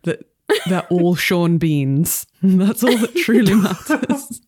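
Woman game master, low dry voice. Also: expressive, darkish tone, husky, no room sound. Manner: quick, laughs between lines. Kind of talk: running a comedic tabletop game.

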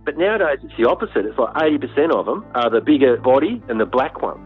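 An Australian hunter telling a story in an interview, blunt and animated, with frequent fillers. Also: male voice, medium pitch, fast talker, husky. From Western Australia. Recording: tinny phone-like sound, faint music.

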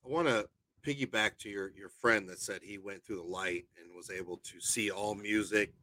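Guy on a podcast, low-ish bright voice, dry close sound, tells stories and curses a bit. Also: moderate pace, dry recording. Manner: animated, swears, tells anecdotes. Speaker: podcast co-host and paranormal investigator. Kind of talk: casual podcast chat.

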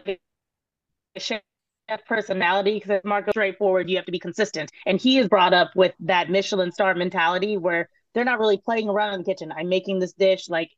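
A woman, a guest telling casual stories in an interview, animated and laughing, swearing and acting out quotes. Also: mid-range voice, a little fast, dry recording, muffled recording. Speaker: guest, former cooking show contestant.

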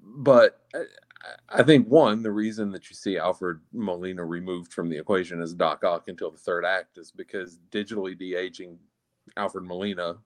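A man with a low, deep voice joins a casual podcast chat. He starts with hesitant fillers, then states his opinions firmly. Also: steady tone, moderate pace. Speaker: podcast guest reviewer.

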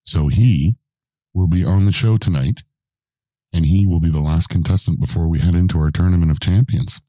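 A man hosts the show with casual, teasing banter and keeps prodding his co-host with questions. His voice sits extremely low with a dark, mellow tone. The sound is dry and close, with faint music behind. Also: moderate pace, no echo.

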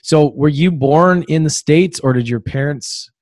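Man host asking halting questions. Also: fairly high pitch, darkish tone, dry recording, studio quality. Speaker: podcast host. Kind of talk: casual interview.

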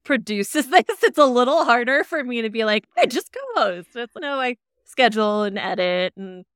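A woman's voice: fairly high pitch, moderate pace, fairly bright tone, clean tone, no room sound, clean studio sound. A woman co-hosting and producing a podcast, talking casually, laughing often and poking fun at herself. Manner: chatty, laughs often, self-deprecating. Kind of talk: casual chat.

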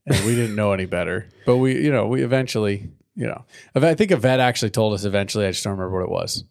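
A man's voice: fairly low pitch, lively intonation, racing, gravelly, a little mellow. A man co-hosting a podcast, rambling through a crude, self-mocking casual chat while recapping a cartoon. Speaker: podcast co-host.

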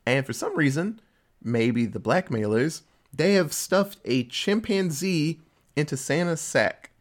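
A man casually recapping a TV episode with a co-host, telling it in an animated way and popping into quick voices for the characters. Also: fairly high pitch. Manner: animated storytelling with quick voice switches for quoted characters. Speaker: podcast co-host.

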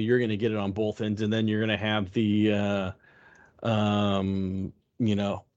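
A man co-hosting a casual podcast chat, rambling with many fillers and restarts. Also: on the low side. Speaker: podcast co-host. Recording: dull lo-fi sound.

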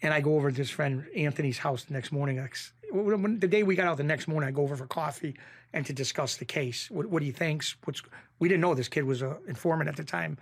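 A middle-aged man, a podcast guest telling rough street stories in a casual, animated way that keeps circling back on itself. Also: fairly high pitch, quick pace. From Springfield, Massachusetts. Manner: animated storyteller, rough street talk, repeats himself. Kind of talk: casual storytelling.

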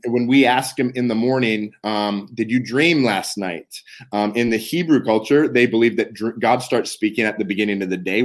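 A man talking as a guest minister, sharing faith testimony in a fervent conversational way, often repeating words as he searches for his thought. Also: mid-range voice. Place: Canada.

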